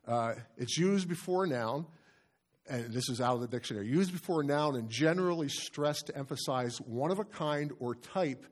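Emphatic middle-aged preacher man. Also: mid-range voice. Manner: emphatic, repeats phrases, slows down to stress key words. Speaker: pastor. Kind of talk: sermon. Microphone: handheld or stand microphone.

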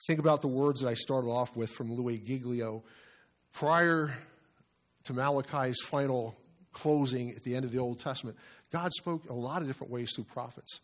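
Pastor, male, middle-aged, mid-pitched voice, earnest conversational sermon delivery. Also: moderate pace. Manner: earnest, conversational preaching with asides to the congregation.

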